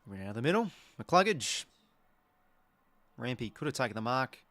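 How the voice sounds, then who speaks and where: An Australian man hosting a live football watch-along, talking as an excitable, sweary fan who reacts to each play. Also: mid-range voice, moderate pace, dry recording. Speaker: host.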